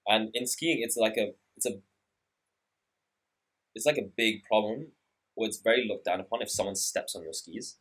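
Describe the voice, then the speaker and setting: A man's voice: lowish voice, moderate pace, pauses often, a bit bright, breathy edge, low-quality recording. A young man, a podcast guest telling a story in casual chat, laughing often and acting out quotes. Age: young adult.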